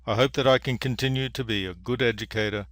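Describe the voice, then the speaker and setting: A man, an engineering professor, giving a public award lecture in a measured, dry storytelling manner. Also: medium pitch, a bit bright, no echo. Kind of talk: public lecture with a told fable. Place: lecture venue.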